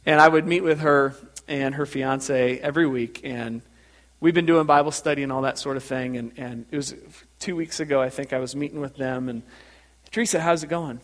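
A male pastor preaching a sermon in a church, telling stories in an animated way and repeating words as he builds up. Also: medium pitch, brisk.

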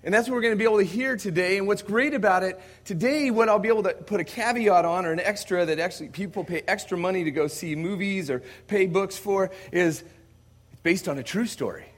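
An American man, a visiting missionary, preaching a sermon to a congregation in a conversational storytelling way, moving from quiet asides to loud emphatic passages. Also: high-pitched, brisk. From United States. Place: church service before a congregation.

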